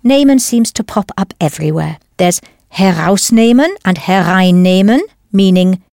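A woman leading a scripted audio language lesson, explaining patiently and deliberately into a close studio mic. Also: medium pitch, gravelly, darkish tone, no echo. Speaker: language teacher.

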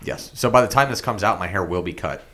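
A man's voice: low voice, fast talker, a bit bright. A man co-hosting a casual podcast, teasing and playful. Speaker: podcast co-host. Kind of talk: casual chat.

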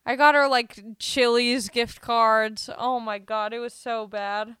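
A woman's voice: on the high side, steady tone, slow pace, fairly bright tone, clear, resonant tone, dry recording, studio quality. A woman hosting a casual solo podcast, rambling and joking at her own expense while she has a cold. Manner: rambling, self-deprecating, joking. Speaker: podcast host.

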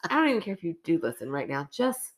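A woman's voice: on the low side, very animated, fast talker. A woman co-hosting a podcast in casual chat, teasing and giggling. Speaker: podcast co-host.

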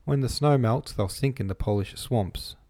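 A man voicing an irritable, peevish old prince who speaks gruffly and dismissively in an audiobook. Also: medium pitch, moderate pace, a little mellow, dry recording, clean studio sound, pitched above the performer's own voice, close to an everyday voice. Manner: gruff and dismissive, scornful laugh.

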